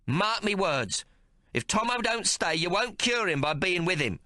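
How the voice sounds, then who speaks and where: A fierce old mother with a coarse, scolding way of speaking, as a male narrator puts her on. The voice sits high and swings widely in pitch, with a bright, sharp edge. It sounds like a storybook reading in a dry booth. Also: sing-song, measured pace, no echo, exaggerated voice. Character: fierce old working-class mother, tough and bitter. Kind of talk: audiobook character voice.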